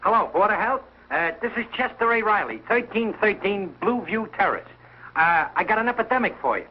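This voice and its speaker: An actor playing an excitable, sentimental working-class father in a 1940s radio sitcom, lively and self-pitying. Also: on the high side, normal speed, husky. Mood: blustering. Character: blustering, sentimental working-class family man. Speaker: father of the household. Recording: dull old radio broadcast with faint hiss.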